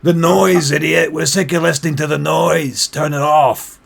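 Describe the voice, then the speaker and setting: A man voicing angry tavern patrons who yell at the musicians to stop. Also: a little high, fairly even intonation, normal speed, vocal fry, pitched above the performer's own voice. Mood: furious. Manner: yelling, furious. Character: angry tavern crowd, adults shouting.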